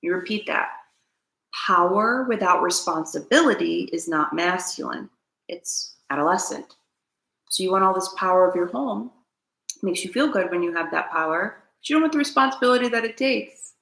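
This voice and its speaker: Gravelly woman preaching self-help. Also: mid-range voice, lively intonation, a little fast, a bit bright, echoey room, low-quality recording. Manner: earnest, preachy, repeats key lines, asks viewers to comment. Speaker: host. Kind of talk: spiritual self-help talk to camera.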